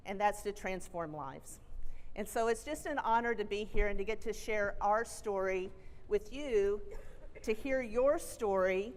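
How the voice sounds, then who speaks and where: Texan woman speaking in a reverberant hall. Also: medium pitch. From Texas. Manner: friendly, chatty, self-deprecating asides. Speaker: college president giving a keynote. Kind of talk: conference keynote speech. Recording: reverberant auditorium.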